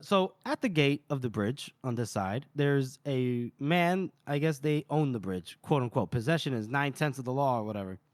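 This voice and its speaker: A man's voice: medium pitch, lively intonation, moderate pace, hardly any pauses, no room sound. A man co-hosting a podcast, animatedly retelling a book's chapters in casual chat with laughs. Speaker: podcast co-host. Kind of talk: casual book-discussion chat.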